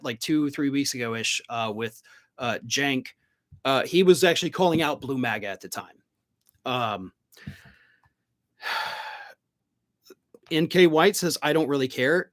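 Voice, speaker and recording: A middle-aged man hosting a live political stream, reading viewer comments and answering them bluntly, swearing when he gets worked up. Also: a little high.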